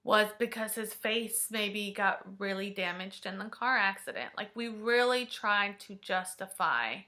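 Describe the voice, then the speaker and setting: A female vlogger with a mid-range voice shares a personal story emotionally and haltingly, at times falling to a hush.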